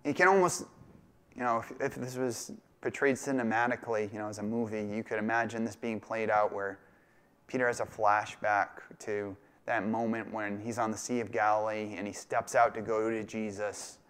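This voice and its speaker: A man's voice: fairly low pitch, fairly even intonation, moderate pace, fairly bright tone, clear, resonant tone. A male pastor preaching a sermon in a casual, conversational way, now and then acting out quoted lines with a laugh. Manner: conversational, acts out quoted voices and jokes.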